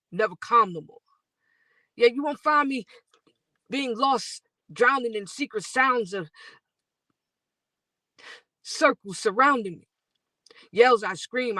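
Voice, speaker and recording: A woman's voice: on the high side, pushed and bright, no echo. A woman performing spoken-word poetry as a guest poet, with rhythmic verses and a soaring sung refrain. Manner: rhythmic delivery, soaring sung hook, quick rapped verses.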